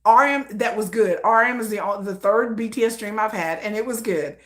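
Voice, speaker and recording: A woman vlogger telling a story in a chatty, animated way with lots of fillers. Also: medium pitch, brisk, echoey room. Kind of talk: casual storytelling.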